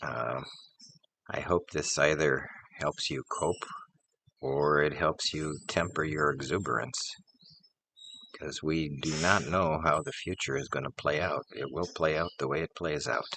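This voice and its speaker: A man hosting, telling parables and reflecting in a measured, plainspoken way with filler pauses. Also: very deep voice, steady tone, gravelly, bright, forceful tone, dry recording. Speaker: host. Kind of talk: storytelling and reflection.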